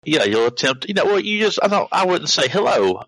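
A man's voice: high voice, expressive, fast, fairly bright tone, low-quality recording. A man playing a tabletop role-playing game, talking loosely through plans with lots of fillers. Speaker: player. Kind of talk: tabletop role-play chat.

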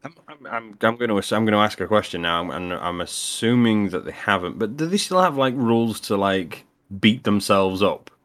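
Man, lowish voice, excitable and stammery, quick to jump in; casual chat. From United Kingdom.

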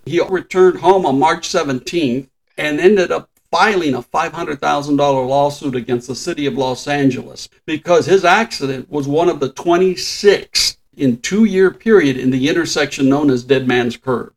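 Older guy on a podcast, kinda high voice, chatty, laughs a lot telling trivia. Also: normal speed, hardly any pauses, low-quality recording. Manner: chatty storyteller, shares trivia, chuckles often. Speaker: podcast co-host. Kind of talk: casual chat.

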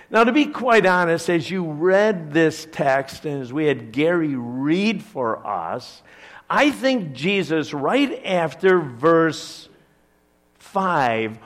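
A man preaching a sermon as pastor, conversational, swinging between emphatic bursts and quiet asides. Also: fairly high pitch. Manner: conversational, with fillers and restarts.

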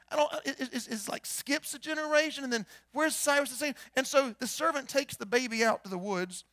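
A pastor preaching a storytelling sermon, swinging between hushed and loud and firing rhetorical questions. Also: male voice, extremely high pitch, no room sound. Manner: rhetorical questions, repeats words.

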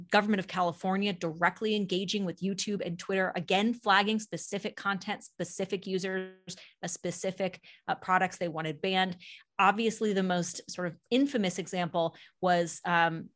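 A woman co-hosting a political panel talk, laying out evidence point by point in a brisk, sardonic way. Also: medium pitch, fairly even intonation, a bit bright. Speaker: political podcast co-host. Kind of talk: opinionated panel discussion.

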